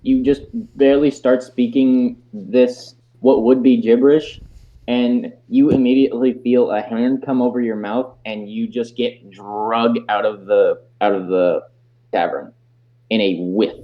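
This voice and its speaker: A man runs a tabletop game, narrating the scene in a mid-pitched voice. He stumbles and restarts his sentences as he goes. The recording sounds dull and lo-fi. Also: fairly even intonation. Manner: halting, restarts phrases often. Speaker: game master.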